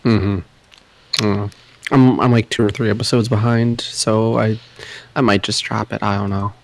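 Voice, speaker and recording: A man's voice: fairly low pitch, little pitch movement, moderate pace, creaky, slight background noise. A man co-hosting a podcast in casual chat, laughing often with short agreements. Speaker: podcast co-host.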